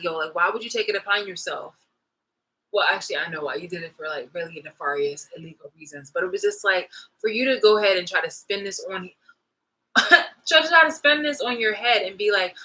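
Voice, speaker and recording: A woman's voice: fairly low pitch, fast, sharp tone, poor audio. A woman vlogging in a heated, profane monologue rant, restarting and repeating her phrases as she talks.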